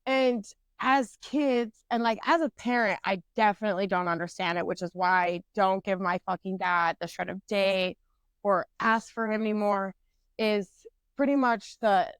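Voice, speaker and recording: A young adult woman co-hosting a podcast, telling a story in a casual, profane, animated way. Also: mid-range voice, clear, resonant tone, dry recording. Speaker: podcast co-host.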